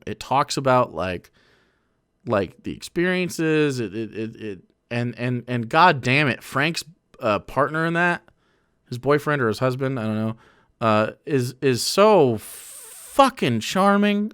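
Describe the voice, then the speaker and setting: A man's voice: medium pitch, animated, a little slow, a bit bright, clean tone, no room sound, studio quality. A man streaming and reacting to a video, rambling and profane, with frequent restarts. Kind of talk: casual reaction commentary.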